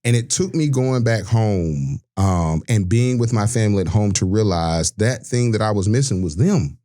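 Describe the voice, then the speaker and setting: A man's voice: fairly low pitch, animated, moderate pace, dark tone. Earnest man in his forties. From Georgia, US. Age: 40s. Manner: earnest, reflective, with many restarts. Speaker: podcast guest, sports broadcaster. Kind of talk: candid personal storytelling.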